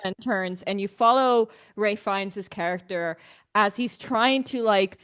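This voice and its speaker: A woman's voice: mid-range voice, measured pace, a bit bright, clean tone. A woman co-hosting a podcast, enthusiastically discussing a film in casual chat, filling her talk with "like". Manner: enthusiastic, many fillers like "like". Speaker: podcast co-host.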